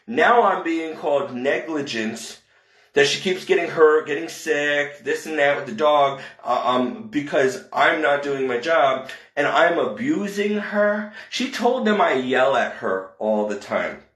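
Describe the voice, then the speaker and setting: A man venting about caring for an elderly woman, rambling in frustration, with quick rushes and slow, heavy emphasis. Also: on the high side, animated, a bit bright, reverberant. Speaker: caregiver telling his story. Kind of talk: emotional personal vlog rant.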